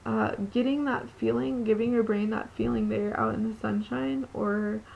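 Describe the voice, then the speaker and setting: Young woman, heavy vocal fry, earnest encouraging vlog talk, dull lo-fi webcam sound. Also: fairly high pitch, fairly even intonation, normal speed. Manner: earnest, encouraging, with frequent ums and restarts. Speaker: epilepsy vlogger. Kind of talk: heartfelt motivational vlog talk. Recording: lo-fi webcam audio with faint noise.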